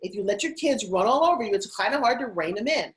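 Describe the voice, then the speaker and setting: A middle-aged woman, a TV host and spokesperson, telling animated stories as an interview guest. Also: mid-range voice, poor audio. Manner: animated, rapid anecdotal telling. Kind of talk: casual interview storytelling.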